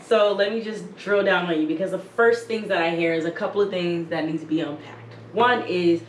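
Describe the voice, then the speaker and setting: A woman's voice: on the low side, brisk, slight background noise. A woman co-hosting a podcast, talking bluntly and emphatically with plenty of swearing in a heated casual discussion. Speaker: podcast co-host. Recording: echoey room with faint ambience.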